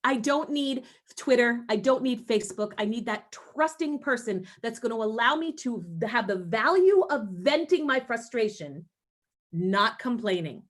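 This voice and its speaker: A woman's voice: fairly high pitch, moderate pace. A woman presenting a webinar for teachers, talking emphatically and acting out what people might say, over a video call. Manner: emphatic, animated, acts out voices. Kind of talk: energetic webinar talk.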